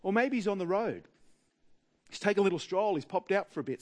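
A man with an Australian accent preaching a sermon in a wry, humorous way, with dramatic pauses. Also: high-pitched, expressive, a little mellow.

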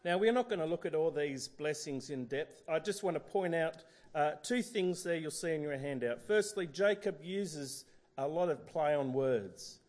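A man's voice: a little high, expressive, normal speed, darkish tone. A middle-aged man preaching a sermon, talking in a conversational way with frequent fillers and restarts.

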